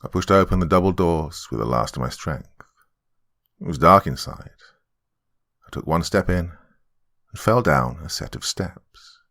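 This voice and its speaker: A man's voice: low voice, animated, measured pace, pauses often, fairly bright tone. A man hosting a horror podcast, dramatically telling a first-person scary story. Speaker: horror podcast host and narrator. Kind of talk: scripted horror narration.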